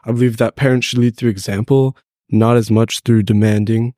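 A man's voice: medium pitch, steady tone, a little fast, mellow, no room sound, clean studio sound. A teenage boy, congested with a cold, answering faith questions thoughtfully and a bit hesitantly as a podcast guest. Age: teens. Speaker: guest, host's son. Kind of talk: casual faith podcast conversation.

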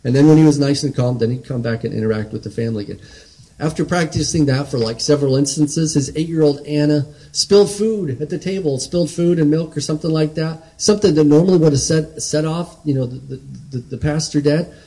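A man's voice: a little high, brisk, dark tone, rough recording. A man preaching a sermon in an earnest, conversational way, often restarting and checking in with "right?".

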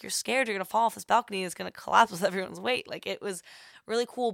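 Gravelly young woman telling a story. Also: medium pitch, fairly bright tone, dry recording, studio quality. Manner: rambling, heavy on filler words. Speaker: podcast host. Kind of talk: casual storytelling.

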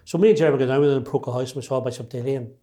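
A man's voice: medium pitch, rapid-fire, dark tone. A man from Derry in his sixties with a Derry accent, recounting his own story in an interview, emphatic and full of restarts. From Northern Ireland. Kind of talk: personal storytelling.

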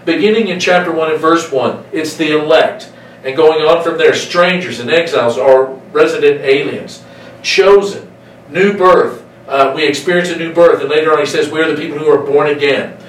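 A man's voice: on the high side, moderate pace, a little hiss or hum. Male preacher in an echoey hall. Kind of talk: sermon. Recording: echoey room, voice from some distance.

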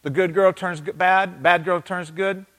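A man preaching an interactive sermon, animated and calling out to the congregation for answers. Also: sits high, moderate pace, long reverb tail.

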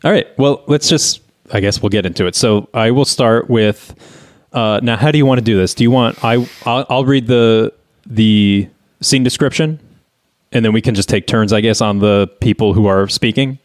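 A man's voice: on the low side, moderate pace, no echo. A man reading stage directions in a dry, reluctant, weary way during a comedic script reading. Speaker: co-host, reader.

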